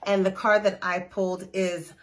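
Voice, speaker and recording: A woman's voice: medium pitch, little pitch movement, moderate pace. A woman, hosting a spiritual oracle card reading and speaking in an earnest, encouraging, affirming way. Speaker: host, intuitive healer.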